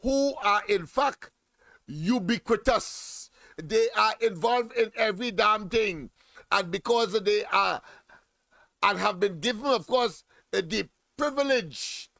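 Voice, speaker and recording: A man's voice: sits high, takes it slowly, creaky, sharp tone, no echo. A man hosting a political radio talk show, speaking emphatically with many fillers and repeated phrases. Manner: emphatic, repetitive, heavy fillers.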